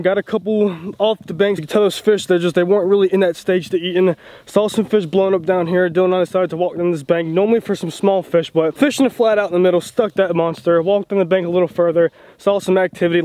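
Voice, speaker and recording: A young man filming a fishing vlog outdoors at a pond, excitable and chatty, often repeating himself and saying "y'all". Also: sits high, dry recording. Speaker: fishing vlogger. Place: outdoors at a shallow pond bank.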